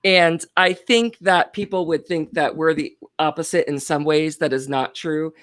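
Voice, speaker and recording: A woman's voice: low-pitched, normal speed. A woman co-hosting a women's Bible study livestream, chatting casually and teasing her co-host in a playful, talkative way.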